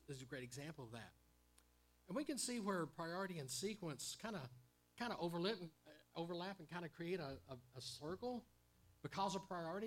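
A man's voice: fairly high pitch, a bit bright. A man preaching a sermon in an earnest teaching tone, often repeating words and stopping with fillers.

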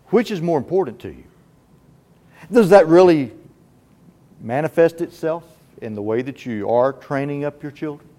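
A man's voice: fairly high pitch, darkish tone. A man preaching a sermon, asking rhetorical questions with emphatic delivery.

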